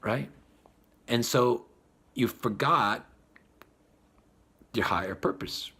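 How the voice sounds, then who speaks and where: A man giving a spiritual talk, animated and acting out the voices of the people he describes. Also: medium pitch, takes it slowly, slightly rough. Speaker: spiritual teacher.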